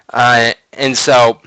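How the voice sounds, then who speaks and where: A man in his twenties hosts a casual gaming podcast and tells a long, rambling story from memory. His voice is bright and forward. He swears freely and leans on fillers as he talks. The sound is dry and close, with no room around it. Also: mid-range voice, clean tone, no echo, rough recording. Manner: profane, rambling, animated storytelling with many fillers. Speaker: gaming commentator podcast host.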